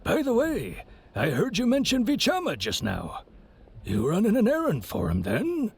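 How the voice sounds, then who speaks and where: A gravelly old merchant talks in a chatty, folksy way. His voice sits high and swoops widely as he spins yarns in a game. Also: wildly swooping pitch, normal speed, darkish tone, heavily acted. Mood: genial. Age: older. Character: friendly older male traveling merchant.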